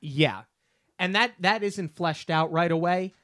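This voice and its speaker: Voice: medium pitch, measured pace, fairly bright tone, no echo. Opinionated New Yorker, dry sound. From New York. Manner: opinionated, argumentative, many fillers and restarts. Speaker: podcast co-host. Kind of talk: casual review chat.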